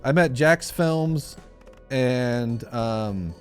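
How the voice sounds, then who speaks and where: A young man talks loosely on a live stream, his voice sitting at an ordinary middle pitch. He rambles, circles back and fills gaps with ums and likes. Faint game music plays under his voice. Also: lively intonation, extremely slow. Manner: rambling storyteller, many fillers and restarts. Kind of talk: casual live-stream chat while gaming.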